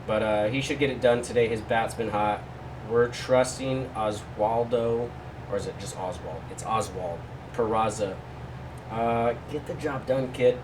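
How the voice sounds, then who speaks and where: A sports betting host with a lowish, slightly slow voice chats through his picks in a relaxed, jokey casual vlog, throwing asides to viewers. He's recorded from a distance, sitting a bit back from the mic in a home room, with a faint air-conditioner hum beneath.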